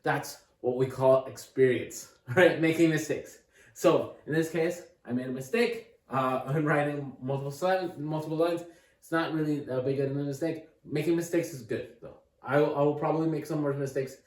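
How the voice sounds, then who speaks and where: A man's voice: fairly high pitch, moderate pace, a little mellow. Upbeat man tutoring math in an echoey room. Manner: upbeat, encouraging, thinks aloud with restarts. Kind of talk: casual whiteboard math lesson. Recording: echoey room, mic at a distance.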